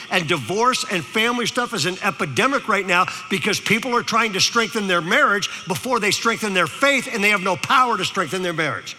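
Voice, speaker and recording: A man's voice: high voice, brisk, few pauses, big-room sound. A male pastor preaching a sermon, telling a story and drawing in his audience. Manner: storytelling, animated, engages the audience.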